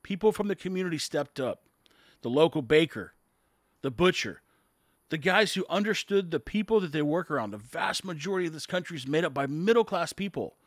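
A man's voice: fairly high pitch, animated, a little fast, dry recording, studio quality. An American man and business owner ranting bluntly about politics to camera, exasperated and emphatic. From United States. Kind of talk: casual political rant to camera.

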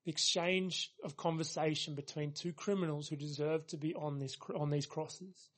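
A pastor preaching a sermon, earnest and emphatic, leaning on repeated phrases for weight. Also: male voice, fairly high pitch, fairly even intonation, moderate pace, a bit bright.

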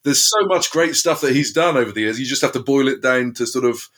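British male co-host, mid-pitch, rambling, hesitant chat. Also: fairly quick, fairly bright tone. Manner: rambling, hesitant, many restarts. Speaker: podcast co-host and author. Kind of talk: casual conversation.

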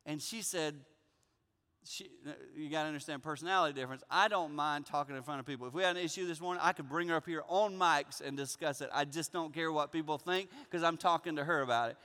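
A man giving a guest sermon, telling a funny personal story in an animated, jokey way in a church auditorium. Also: fairly high pitch, brisk, long reverb tail. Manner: animated, jokey, acting out dialogue. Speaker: guest pastor.

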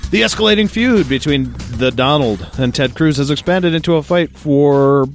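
A man's voice: a little high, lively intonation, normal speed, faint music behind. A man co-hosting a podcast, reading news excerpts aloud and joking about them with a co-host, often laughing. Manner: reads news excerpts then jokes and laughs. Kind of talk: casual podcast chat reading articles aloud.

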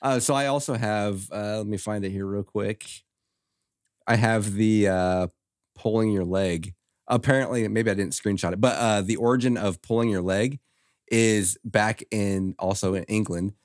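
A man talks loosely with friends, pausing on "uh" as he reads out bits of trivia and drops in the odd swear word. His voice sits a little low, and the recording is dry with no room sound. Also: steady tone, no room sound. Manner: laid-back, swears, reads trivia aloud with frequent "uh" fillers. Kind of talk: casual chat.

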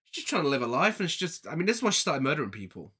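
A man's voice: a little high, very animated, rapid-fire, bright, forceful tone, slightly rough. A man casually recapping a film with a co-host, joking, laughing often and acting out lines. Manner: jokey, laughs often, camp asides, acts out quotes. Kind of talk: casual chat.

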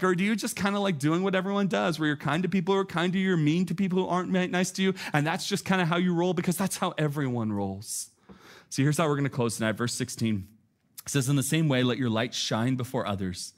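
A male pastor preaching a sermon in a loose, conversational way. His voice sits a little higher than most men's, and he is animated, drops in casual asides and keeps talking straight to his listeners.

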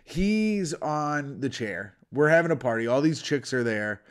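A man's voice: mid-range voice, lively intonation, measured pace. A man co-hosting a podcast in casual chat, telling rambling, profane stories full of "like". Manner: rambling, profane storytelling with lots of "like". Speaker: podcast co-host.

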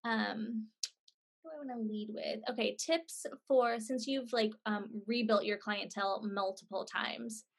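A woman hosting a casual chat, talking in a relaxed way full of "like"s and "you know"s. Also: fairly high pitch, a little slow, gravelly.

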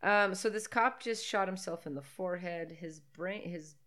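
A low-pitched woman co-hosting a podcast, talking through a movie as she watches it. Her chat is casual, jokey and sprinkled with swearing and laughter. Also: normal speed, a bit bright. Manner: joking, profane, laughs often. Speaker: podcast co-host.

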